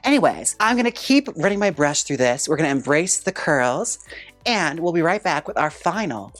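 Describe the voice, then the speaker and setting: Sassy low-voiced woman hairstylist host. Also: sing-song, normal speed, faint music behind. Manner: chatty, sassy, frequent "like" fillers. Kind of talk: casual styling vlog chat.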